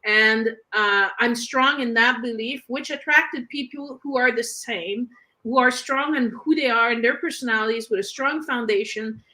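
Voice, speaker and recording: High bright-voiced woman telling stories. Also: moderate pace, low-quality recording. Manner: animated storyteller, acts out quoted dialogue. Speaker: end of life doula, co-host. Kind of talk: casual conversation.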